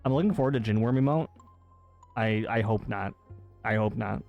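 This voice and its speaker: A man's voice: lowish voice, gravelly, phone-quality sound, faint music behind. A man streaming live, chatting casually with his chat, reading out messages and protesting their teasing in disbelief. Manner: teasing, incredulous, quick to protest.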